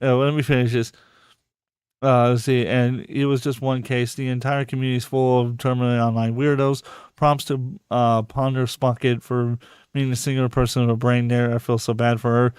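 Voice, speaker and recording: A man's voice: medium pitch, flat delivery, a little fast, smooth, no echo, studio quality. A man hosting a live podcast, talking casually in a profane, heated and rambling way. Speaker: podcast host.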